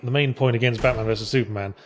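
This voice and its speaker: A man's voice: mid-range voice, fairly even intonation, racing, slight background noise. A man, co-hosting a casual chat and reading out viewer questions, with dry, wry remarks.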